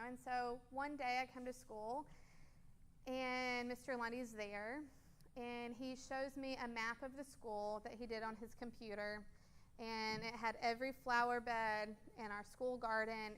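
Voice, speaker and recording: A woman's voice: fairly high pitch, fairly bright tone, slight background noise. A woman in her twenties, a guest speaker at a church, telling a personal story over photos in an earnest, casual way with frequent ums.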